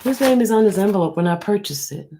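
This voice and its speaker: A woman hosting a livestream, speaking low and hushed, near a whisper, and answering her viewers in a blunt, defensive way. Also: expressive, quick pace, background noise. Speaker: livestream host. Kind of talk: livestream talk answering the chat.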